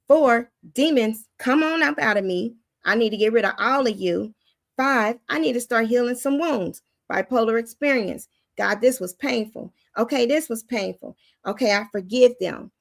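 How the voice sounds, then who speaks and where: A woman host giving an informal, animated spoken teaching in a casual, plain-spoken way. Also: on the high side, vocal fry, no echo, studio quality.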